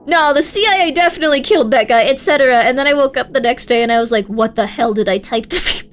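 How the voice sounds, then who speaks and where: A young woman streaming live, chatting casually with her viewers and breaking into sudden high, excited shouts. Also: quick pace, a little hiss or hum.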